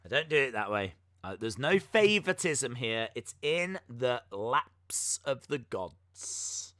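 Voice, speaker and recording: A man's voice: mid-range voice, big pitch swings, takes it slowly, fairly bright tone, no echo, clean studio sound. A man hosting a wrestling podcast live stream, chatting casually and mocking himself, with lots of ums and uhs. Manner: chatty and self-mocking, with many filler words.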